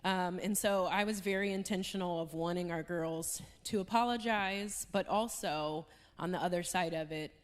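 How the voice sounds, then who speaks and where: Soft-spoken Midwestern woman, lowish voice. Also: moderate pace, few pauses. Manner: soft-spoken, earnest, frequent "um" fillers. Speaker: church speaker. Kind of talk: church panel talk.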